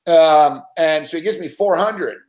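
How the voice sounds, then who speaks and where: A man's voice: fairly high pitch, measured pace, a little mellow. Foul-mouthed, rambling man in a roomy echo. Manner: rambling, swears constantly. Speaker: sports betting show regular. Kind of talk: casual storytelling chat.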